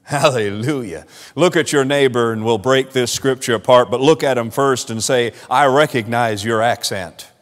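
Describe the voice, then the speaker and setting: Southern pastor preaching in a reverberant church. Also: male voice, medium pitch, normal speed. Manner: animated preaching, rising and falling in volume, laughing asides. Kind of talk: sermon. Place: church sanctuary.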